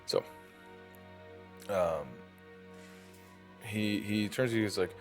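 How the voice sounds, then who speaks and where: A man with a low voice runs a tabletop session, narrating in a loose, halting way. He stumbles through fillers and restarts as he describes the scene. Faint music plays in the background. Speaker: dungeon master.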